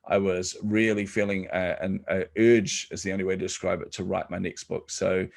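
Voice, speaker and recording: Middle-aged New man, low and gravelly, relaxed joking podcast guest. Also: moderate pace. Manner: relaxed, joking, many ums. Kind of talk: casual storytelling interview.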